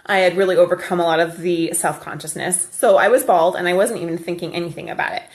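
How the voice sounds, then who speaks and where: A woman's voice: fairly low pitch, steady tone, fast. Woman vlogger, casual storyteller, laughs easily, handheld camera. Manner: chatty, laughs often.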